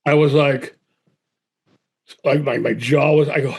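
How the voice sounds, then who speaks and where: A middle-aged man from Boston, an actor telling a story in an interview, acting out both sides of phone calls and stammering when excited. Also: mid-range voice, a little slow, creaky, pauses often, husky. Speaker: actor guest.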